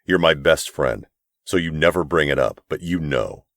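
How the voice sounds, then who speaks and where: A male narrator voicing a huge, blunt best friend who speaks low and steady. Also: moderate pace, dry recording, studio quality, full character voice.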